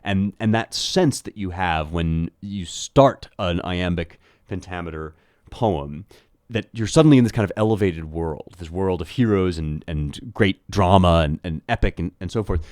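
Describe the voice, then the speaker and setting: A man's voice: low voice, moderate pace, a little mellow, no room sound, clean studio sound. A man giving a thoughtful educational talk on translating poetry, often restarting his phrasing. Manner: thoughtful, with frequent restarts and rhythmic demonstrations. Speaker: host.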